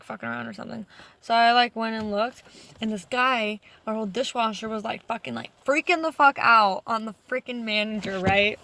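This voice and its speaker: A young woman with a slightly high voice talks casually to her camera. She rambles through her stories, swearing constantly and retelling events with lively energy. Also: creaky. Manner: profane, rambling, animated retelling. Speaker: vlogger.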